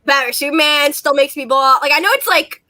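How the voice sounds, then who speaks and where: Gushy woman on a stream call, super high and bright, says like a lot. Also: fairly quick, dry recording, clean studio sound. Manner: gushing, effusive, many "like"s. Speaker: stream co-host. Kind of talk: casual group chat. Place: home, video call.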